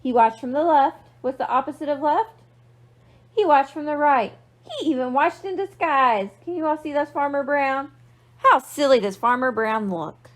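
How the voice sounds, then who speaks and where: A woman's voice: sits high, moderate pace. A young woman librarian reading a picture book aloud to children, playful and asking them questions. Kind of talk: storytime read-aloud for kids.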